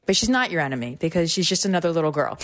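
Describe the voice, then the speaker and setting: A woman co-hosting a radio show, patiently and gently asking a child questions. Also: on the low side, animated, very fast.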